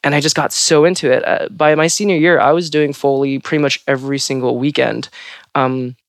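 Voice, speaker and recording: A young adult trans woman, a Foley artist, telling stories in an animated, expressive way with frequent fillers in a casual podcast conversation. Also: a bass voice, fairly quick, no room sound, clean studio sound.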